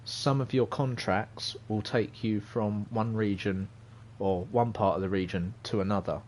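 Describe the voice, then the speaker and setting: A man's voice: lowish voice, fairly even intonation, measured pace, a little mellow, a little hiss or hum. A young man casually commenting on a driving game as he streams live, rambling and hesitant, chatting with viewers. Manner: rambling, hesitant, chatty, reads chat aloud. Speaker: gaming streamer.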